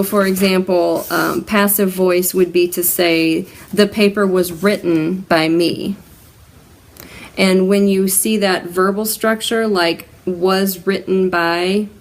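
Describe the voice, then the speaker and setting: Woman teaching grammar, lowish voice, gravelly fry, casual explanatory lesson. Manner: conversational, explains with spoken examples. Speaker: writing tips host.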